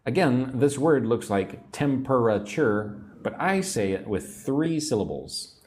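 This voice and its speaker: An American man giving a livestream English lesson, repeating phrases clearly and greeting viewers by name. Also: mid-range voice, very animated, a little slow, a little mellow. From United States. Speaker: English teacher.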